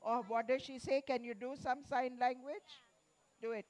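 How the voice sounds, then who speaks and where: A woman author leading a playful, interactive session with children at a festival, coaxing them with slow prompts. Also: sits high, fairly even intonation, darkish tone. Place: festival venue.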